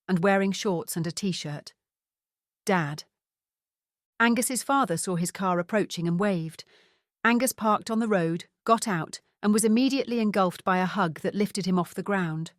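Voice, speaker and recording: A woman reading a mystery novel aloud in a steady, even narration. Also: medium pitch, normal speed, no room sound, clean studio sound. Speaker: audiobook narrator. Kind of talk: scripted narration.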